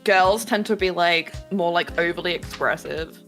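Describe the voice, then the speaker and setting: A young woman with British and Irish roots, chatting casually on stream, overly expressive, swearing and laughing often. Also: fairly low pitch, normal speed, faint music behind. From UK, Scottish-Irish family.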